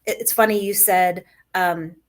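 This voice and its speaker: A woman's voice: on the low side, fairly even intonation, unhurried. A middle-aged woman, a former school principal, answering interview questions in an earnest, storytelling way. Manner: earnest, storytelling, with small laughs. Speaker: podcast guest, former principal.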